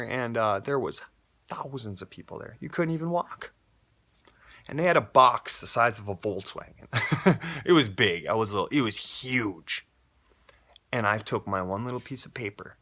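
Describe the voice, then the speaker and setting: A man's voice: mid-range voice, a bit bright. A man with a twang shares a personal testimony in a loose, heartfelt way. He rambles and jumps between stories, earnest and emotional, like chatting with friends. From North Dakota, USA. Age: adult with a child. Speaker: believer giving a testimony.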